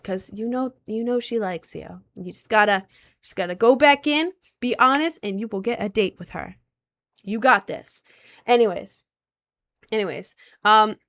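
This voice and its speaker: A young adult woman livestreaming in a casual, rambling chat, giving frank and animated advice with many fillers. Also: a little high, dry recording. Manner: chatty and rambling, heavy on filler words.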